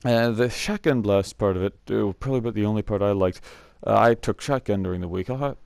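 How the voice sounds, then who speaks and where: A man's voice: fairly low pitch, fast, vocal fry, heavy background noise. A young man casually telling rambling camp stories, laughing often and filling gaps with "uh". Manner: rambling, laughs often, many fillers and restarts. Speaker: scout camp storyteller. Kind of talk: casual storytelling vlog.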